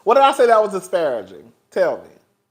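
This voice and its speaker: A man's voice: sits high, brisk. A man hosting a casual gossip commentary stream, laughing often and talking in a profane, sassy way. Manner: laughing, animated, profane, sassy, talks to the chat as "girl". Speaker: YouTube commentary host.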